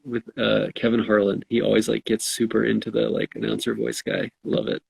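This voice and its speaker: Low gravelly man, laid-back chat. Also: flat delivery, a little fast, poor audio. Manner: laid-back, self-deprecating. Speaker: co-host answering viewer questions. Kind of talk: casual live-stream chat.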